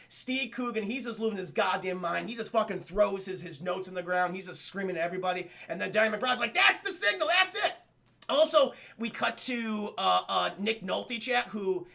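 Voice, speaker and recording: A man reviewing a film live for his chat, excitable and profane, often calling out to the chat as he goes. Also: high voice, vocal fry. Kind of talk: casual live-stream film breakdown.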